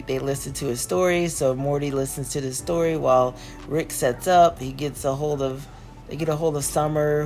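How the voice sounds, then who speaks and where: A woman's voice: sits low, creaky, darkish tone. A woman hosting a podcast, casually recapping a cartoon episode, laughing often and acting out the characters' lines.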